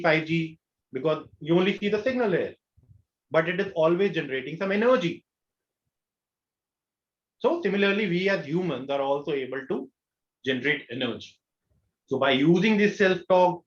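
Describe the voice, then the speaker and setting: A man with an Indian English accent coaching an online workshop, pitched a little high and speaking earnestly. He keeps posing rhetorical questions to his listeners. The sound is roomy and dull, like lo-fi webinar audio. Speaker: law of attraction coach.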